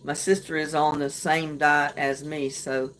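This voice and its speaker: A middle-aged woman hosting a casual late-night livestream chat, greeting viewers and talking about her day in a homey way with soft laughs. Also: sits low, level tone, a little slow, a little hiss or hum. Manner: chatty, homey, laughs softly between remarks. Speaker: livestream host. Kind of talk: casual live chat reading comments.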